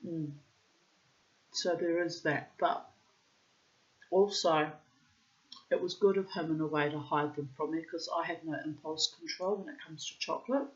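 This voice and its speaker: A woman's voice: low voice, steady tone, measured pace, pauses often. A woman telling personal stories in a frank, rambling monologue and swearing freely. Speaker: vlogger. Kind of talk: candid storytelling monologue. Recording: slightly dull lo-fi sound.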